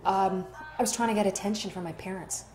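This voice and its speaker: A woman's voice: mid-range voice, fairly even intonation, fast talker, heavy background noise. A woman actor in an interview, chatty and rambling, telling stories and acting out the dialogue. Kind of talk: candid interview storytelling. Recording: roomy echo.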